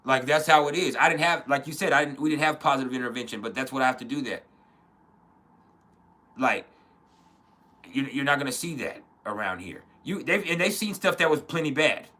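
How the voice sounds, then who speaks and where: A man's voice: medium pitch, brisk, pushed and bright. A man in his thirties hosting a casual spoken reflection, earnest and blunt, with frequent swearing and restarts. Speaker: podcast host.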